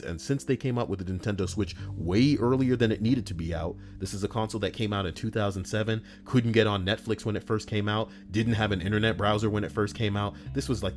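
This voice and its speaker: A man's voice: fairly low pitch, a little mellow. A man reading internet stories aloud with casual, profane commentary, ranting and laughing at his own jokes. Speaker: reddit story reader. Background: faint background music.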